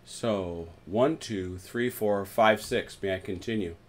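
A man hosting a tabletop wargame session, chatting casually as he plays, counting dice aloud and breaking into excited exclamations. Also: fairly low pitch, slow pace. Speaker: host, tabletop wargame player. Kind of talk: casual play-by-play while gaming. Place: home, at a game table.

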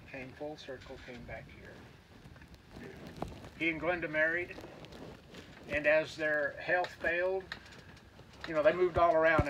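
A man with a fairly high voice delivers a folksy graveside sermon, retelling a scripture story and acting out the lines of its characters. He is recorded outdoors from a distance, and a clear layer of outdoor noise runs behind him. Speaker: pastor at a graveside service.

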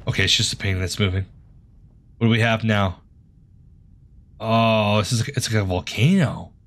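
A man's voice: on the low side, fairly even intonation, normal speed, fairly bright tone. A man doing let's play commentary of a horror game, jumpy and joking, swearing and yelping at the scares. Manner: jumpy, swears, jokes nervously, yelps at scares. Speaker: gaming video host.

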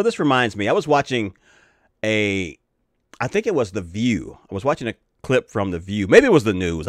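A man's voice: mid-range voice, dry recording, clean studio sound. A middle-aged man hosting his own channel, ranting angrily with lots of cursing in a profane commentary. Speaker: channel host.

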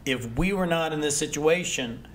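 A young man hosting a podcast, talking in a relaxed, rambling way and laughing often. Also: on the high side, moderate pace, slight background noise. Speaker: podcast host. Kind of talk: casual chat.

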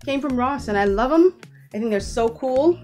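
A woman's voice: high voice, expressive, moderate pace, warm tone, faint music behind. A woman from the Bahamas giving a casual, chatty tour of her bedroom, often stopping to correct herself and teasing playfully. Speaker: vlogger. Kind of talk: casual room tour vlog.

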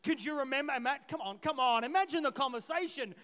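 A middle-aged man preaching a lively sermon as pastor, swinging between loud shouted peaks and quiet asides, acting out voices from the story. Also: very high voice, fast talker. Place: church auditorium. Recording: long hall reverb.

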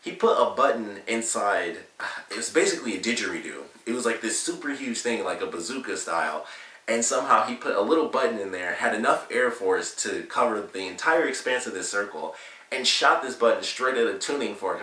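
Casual male reviewer, low voice, rambling recap full of fillers, roomy room. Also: bright, forceful tone. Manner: rambling, filler-heavy retelling with lots of "like". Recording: roomy, slightly distant mic.

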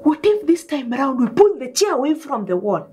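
A woman's voice: sits high, very animated, a little fast, darkish tone. A woman playing a mischievous young female student who asks teasing, probing questions. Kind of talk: TV drama acting.

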